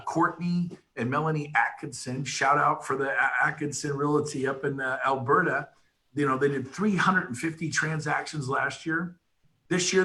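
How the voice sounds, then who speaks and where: A middle-aged man giving an energetic, emphatic motivational pitch to real estate agents. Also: poor audio. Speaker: real estate brokerage leader.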